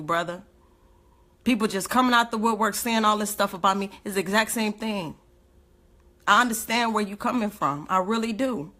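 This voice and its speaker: A woman's voice: fairly high pitch, pushed and bright. A woman speaking, giving an emotional, indignant livestream rant full of rhetorical questions.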